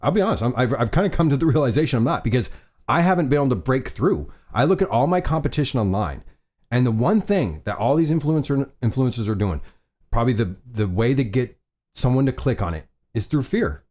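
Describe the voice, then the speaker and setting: A man's voice: medium pitch, very animated, a little fast, darkish tone. A man hosting a casual fashion live stream, chatty and rambling, often restarting and laughing at himself.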